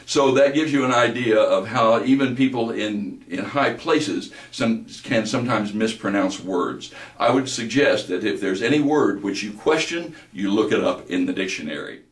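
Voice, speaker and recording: A man giving an instructional lecture on voice delivery, speaking deliberately and slowing down to demonstrate words. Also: lowish voice, distant mic. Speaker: voice-over instructor. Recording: roomy, from the mic.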